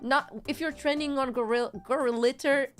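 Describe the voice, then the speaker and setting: A woman's voice: high voice, steady tone, normal speed, faint music behind. A woman streamer chatting casually on a live stream, rambling in a giggly, playful way. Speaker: VTuber streamer.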